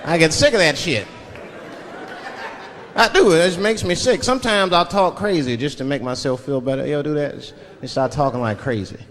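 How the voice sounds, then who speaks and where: A man's voice: a little high, normal speed, some chatter behind. A man from Washington DC doing a stand-up comedy set, telling stories in a loose, profane way. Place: large live theater. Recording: live echoing hall with loud audience.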